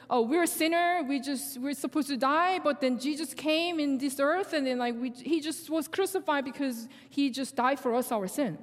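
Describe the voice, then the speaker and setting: A young woman with a Korean accent, a native Korean speaker, giving a sermon testimony in animated storytelling that acts out dialogue, with halting phrasing. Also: high-pitched. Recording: long hall reverb.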